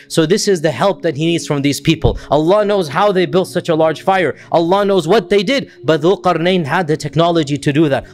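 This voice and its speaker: A man lecturing on Quran commentary, patiently explaining Arabic words and checking in with his listeners. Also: high-pitched. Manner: shifts into chanted Arabic verse recitation. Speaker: Islamic lecturer.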